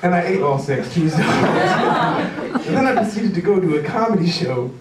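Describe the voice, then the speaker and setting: A young male comedian rambles through a self-deprecating stand-up set, tripping over his own restarts. His voice sits a bit high. It sounds roomy and distant, like a small club taped from the back, with clear room noise behind him. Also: very animated, moderate pace. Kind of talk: stand-up routine.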